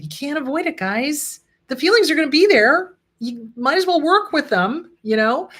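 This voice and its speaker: A middle-aged woman hosts her own talk show as a therapist and speaks straight to her viewers. Her voice sits at an ordinary middle pitch, and her manner is gentle and reassuring as she calls them her loves. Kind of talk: casual solo talk to viewers.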